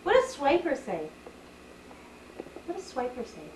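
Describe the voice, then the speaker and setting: High, lively mother coaxing her toddler. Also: measured pace, echoey room, a little hiss or hum. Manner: coaxing, playful, repeats prompts in a sing-song way. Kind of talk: home video chat with a toddler. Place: family home, indoors. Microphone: camcorder microphone.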